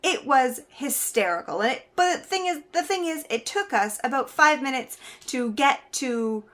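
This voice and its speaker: A young Canadian woman with a slightly high voice tells a story to her camera. She chats along casually and brightly, her words spilling out with easy laughs. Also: normal speed. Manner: chatty, animated, laughs while telling. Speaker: vlogger.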